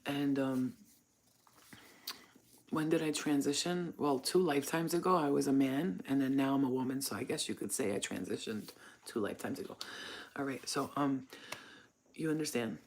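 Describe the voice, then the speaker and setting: A woman's voice: very deep voice, moderate pace, long pauses, a little mellow, a little hiss or hum. Blunt, profane woman vlogger. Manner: blunt, profane, frank storytelling. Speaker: channel host. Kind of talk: casual monologue to camera.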